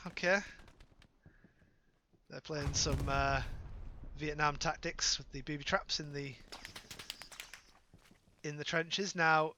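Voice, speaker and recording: A British man calling a live game match, his voice bright and sitting a touch high. He talks playfully, throwing in jokes and correcting himself on the fly, with a faint hiss behind him. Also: level tone. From Britain. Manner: playful, joking asides and quick self-corrections. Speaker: esports caster.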